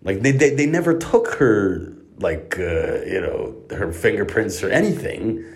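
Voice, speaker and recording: A low-voiced man tells a profane comic story with lots of swearing. His delivery is exasperated and ranting, and his voice swings widely in pitch as he goes. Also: sing-song, unhurried. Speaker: comedic storyteller.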